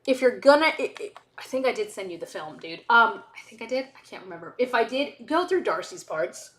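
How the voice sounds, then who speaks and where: A woman with a fairly high, animated voice chats casually on a stream while editing. She drifts into tangents and cuts herself off with quick asides, with her pitch bouncing around as she goes. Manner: rambling, tangent-prone, frequent self-interrupting asides.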